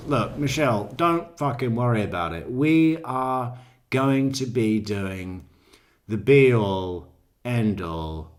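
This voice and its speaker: Man, true crime commentary, slow unhurried delivery, swears a lot, rambling and joking. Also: fairly low pitch. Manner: profane, rambling, laughs at own jokes. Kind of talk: casual commentary over court footage.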